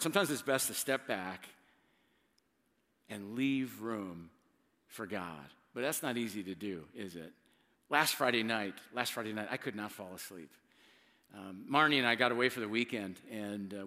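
A middle-aged male pastor preaching in a conversational, emphatic way, with dramatic pauses and words he repeats. His voice is bright and forceful. It rings out with a long reverb, as if he is in a large hall. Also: on the low side. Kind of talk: sermon.

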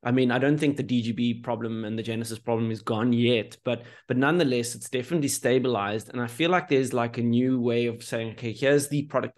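Podcast host guy, average pitch, keen and rambly, says "you know" a lot. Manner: enthusiastic, rambling questions, constant "mm" backchannels. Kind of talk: podcast conversation.

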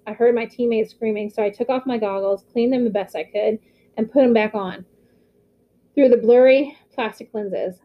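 A woman reading a novel aloud with steady storytelling. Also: mid-range voice, muffled recording. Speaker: audiobook reader.

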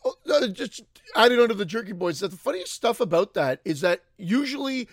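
A man's voice: high voice, animated, brisk, no echo, clean studio sound. A man co-hosting a podcast, chatting casually in a rambling, profane way and laughing easily. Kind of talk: casual chat.

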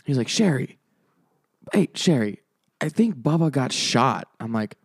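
A man's voice: medium pitch, sing-song, measured pace, slightly rough, dry recording, clean studio sound. Rambling, profane young-sounding man. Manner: rambling, profane, heavy filler words. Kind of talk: casual podcast chat.

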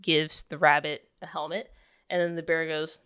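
A woman's voice: low voice, normal speed, clear, resonant tone. A woman guesting on a podcast, chatting casually and telling a long joke. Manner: relaxed, chatty, with fillers and laughter.

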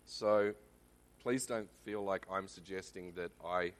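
A man's voice: low-pitched, slow pace, slight background noise. An Australian man giving a conversational Bible teaching in church, often checking in with the congregation. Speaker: lay preacher.

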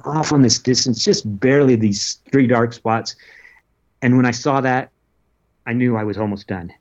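A man recounts his polar trek in an earnest, halting way, often restarting his sentences. His voice sits in a middle pitch, and the audio is dull and lo-fi. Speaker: interview guest, polar adventurer. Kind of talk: casual recounting of an expedition.

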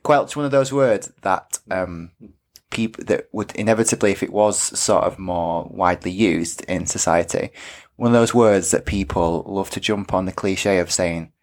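Low-voiced man co-hosting a podcast. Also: moderate pace. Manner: laughs often, jokey banter. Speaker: podcast co-host. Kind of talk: casual podcast chat.

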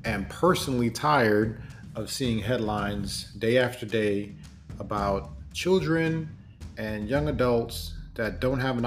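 A man hosting a solo commentary podcast, talking in an earnest, deliberate way with fillers and self-corrections. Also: lowish voice. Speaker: podcast host. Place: home in Germany.

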